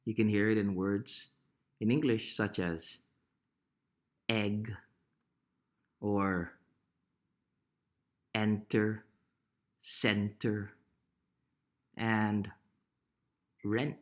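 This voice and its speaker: Slow, low-voiced man teaching. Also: flat delivery. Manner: unhurried, often checks in with "right?". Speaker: language teacher. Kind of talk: casual pronunciation lesson.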